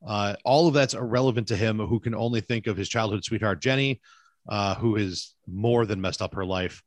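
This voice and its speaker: A man's voice: fairly low pitch, moderate pace, dry recording, studio quality. A man co-hosting a casual movie podcast over a video call, rambling and correcting himself as he talks. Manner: rambling, self-correcting, chatty. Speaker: podcast co-host. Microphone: remote video call recording.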